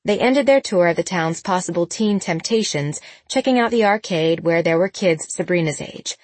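A woman narrates a novel in a lower register with an even storytelling manner. The recording is dry and close-miked, with no room sound. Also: normal speed, no echo. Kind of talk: audiobook narration.

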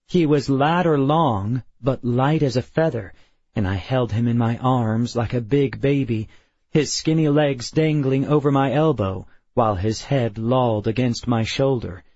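A male narrator reads a first-person audiobook in a slow, measured way. His voice carries a husky grain. The recording is dry and slightly dull. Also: medium pitch, a little mellow, dry recording. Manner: measured, unhurried.

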